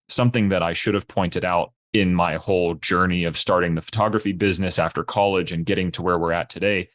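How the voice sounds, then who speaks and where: Young male founder, very low voice, dry close sound, explaining steadily. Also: no room sound. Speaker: startup founder guest. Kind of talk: podcast interview.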